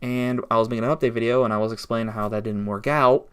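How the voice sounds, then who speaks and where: A man records a story-time vlog at home, recounting a grudge in an aggrieved, rambling way. He restarts his sentences often and piles up clause after clause. His voice sits at an ordinary middle pitch. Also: steady tone, fast talker, a bit bright, clear, resonant tone. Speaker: YouTuber.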